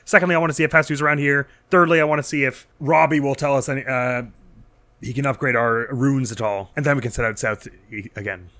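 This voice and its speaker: A man's voice: mid-range voice, steady tone, fast talker, bright, forceful tone. A man casually commenting on his gameplay as a let's play host, chatty and self-deprecating, laughing often.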